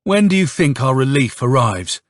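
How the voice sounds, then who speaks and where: A man reading an audiobook, playing a hoarse, bitter young officer who tells his story with curses and sarcasm. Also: medium pitch, very animated, moderate pace, no room sound, clean studio sound, lightly acted. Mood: angry storytelling. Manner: angry, sardonic storytelling with curses. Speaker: audiobook narrator.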